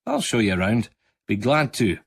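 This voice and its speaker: A man's voice: fairly low pitch, wildly swooping pitch, normal speed, gravelly, slightly rough, exaggerated voice. A man reading a radio story, voicing a jovial, bearded young Scottish man who talks in a lilting, chatty and forward way. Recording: archived radio broadcast.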